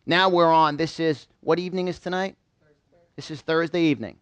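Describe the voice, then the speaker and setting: A motivational speaker man with a New York accent, voice sitting a touch high and close, dry in the room. He fires questions at his listeners and has them shout answers back. The delivery is energetic seminar talk. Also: fairly quick, clean tone, no room sound, highs cut off. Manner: energetic, quizzes the audience with call-and-response. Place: seminar room with a small live audience.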